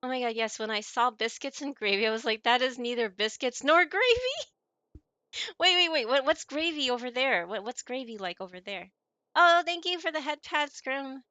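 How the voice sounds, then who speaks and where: A woman's voice: sits high, expressive, fairly quick, sharp tone, no echo. A woman streamer chatting casually with her viewers while she plays a game, giggling often and answering messages from chat.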